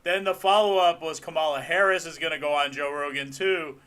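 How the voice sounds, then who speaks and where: Bright-voiced man, political chat host. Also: on the high side, steady tone, a little fast, clear, resonant tone. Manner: casual, opinionated, hesitant restarts. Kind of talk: political talk show chat.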